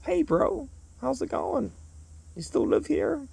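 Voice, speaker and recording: A man voicing an intense young man who talks in breezy surfer slang, pitched well above his own voice. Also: big pitch swings, slow, gravelly, darkish tone, no echo, heavily acted. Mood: chummy. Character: laid-back high-voiced young man, blunt and intense.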